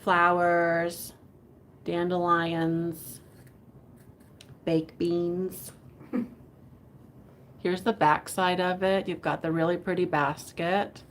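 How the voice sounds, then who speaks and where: A woman's voice: lowish voice, little pitch movement, drawn-out words, long pauses. Chatty woman hosting a live sale. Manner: chatty, giggly, rambling. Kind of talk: casual live selling chat. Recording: faint background noise.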